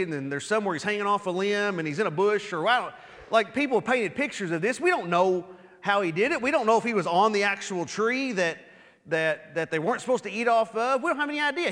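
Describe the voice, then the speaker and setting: High-voiced preacher in a reverberant hall. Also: male voice, a bit bright. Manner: conversational, repeats words when restarting. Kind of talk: sermon.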